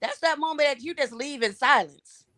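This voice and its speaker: A woman's voice: sits high, normal speed, pushed and bright, dry recording, clean studio sound. A woman co-hosting a casual chat, blunt and reflective, with casual cursing. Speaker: co-host.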